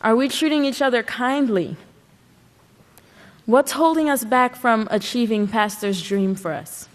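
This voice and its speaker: A woman's voice: a little high, a little slow. A woman giving an earnest sermon at a religious service, pressing her points with rhetorical questions. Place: large worship hall. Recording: long hall reverb.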